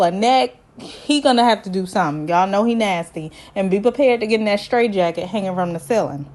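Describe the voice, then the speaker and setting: Woman for a casual, sassy reality-show recap, slangy and animated, jumps into other voices. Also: mid-range voice.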